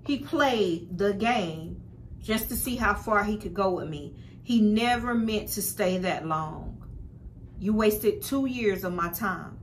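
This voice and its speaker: A young woman with a mid-range voice speaks slowly yet with lively intonation, over a slight hiss or hum. She is a spiritual vlogger telling her audience a personal story in a blunt, profane, casual manner, calling them "y'all" often.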